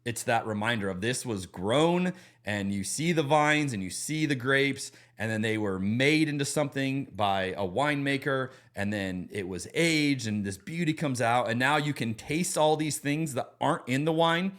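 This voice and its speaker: A man's voice: mid-range voice, normal speed. Enthusiastic man in podcast chat. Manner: enthusiastic, animated storytelling. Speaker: pastor. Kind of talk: podcast conversation.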